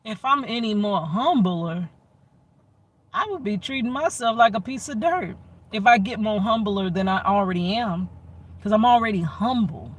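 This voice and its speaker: A man telling a personal story in an animated way, acting out both sides of arguments and repeating himself for emphasis. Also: high voice, moderate pace. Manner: emphatic and repetitive. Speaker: storytelling vlogger. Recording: distant mic with faint background noise.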